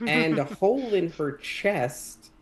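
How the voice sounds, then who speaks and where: A man playing a tabletop game who talks eagerly and excitedly about his character's gear. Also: on the high side, slow pace, a loud crowd. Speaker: player.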